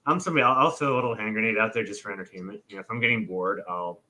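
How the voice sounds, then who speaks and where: A man's voice: fairly low pitch, rapid-fire, sharp tone. A man co-hosting a casual astrology chat, rambling and restarting his sentences often. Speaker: co-host. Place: alone in his own room.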